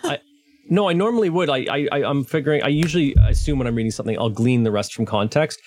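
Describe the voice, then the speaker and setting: A man's voice: medium pitch, fast, a little mellow. A man in a casual book discussion, chatty and questioning, with stammering restarts. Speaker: podcast co-host.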